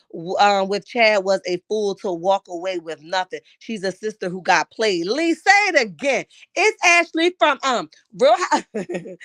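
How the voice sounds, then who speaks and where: A woman doing sassy, emphatic live-stream commentary and reading viewer comments, her voice going hoarse. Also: high voice, fairly bright tone, no room sound. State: losing her voice. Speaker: YouTube commentary host.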